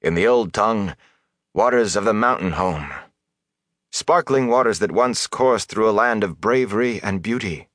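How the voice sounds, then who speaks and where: A man voicing a grave, quiet sorceress. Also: fairly low pitch, animated, normal speed, no echo, clean studio sound. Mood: solemn. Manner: quiet but stern and grave. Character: commanding mysterious sorceress woman.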